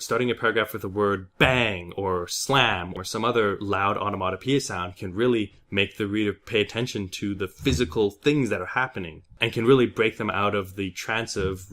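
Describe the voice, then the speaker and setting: A young man hosting a writing vlog, giving a brisk scripted lesson with emphatic stresses. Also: on the low side, a bit bright. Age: young adult. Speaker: vlog host teaching writing. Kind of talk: scripted explainer. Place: new indoor space.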